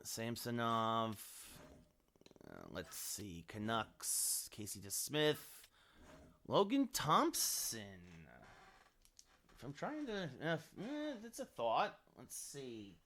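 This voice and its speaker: A man's voice: mid-range voice, big pitch swings, slow pace, long pauses, a bit bright. A man streaming a hockey game late at night, rambling and thinking aloud as he scrolls through players and chats with his viewers. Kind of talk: live game-stream commentary.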